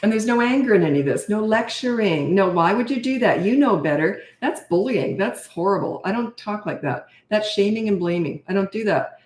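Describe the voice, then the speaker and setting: A woman's voice: mid-range voice, animated, brisk, few pauses. A middle-aged woman, a parenting coach, answering viewer questions in a blunt, direct way and often adding "okay?" or "right?". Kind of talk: live Q&A, answering viewer comments. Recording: roomy echo.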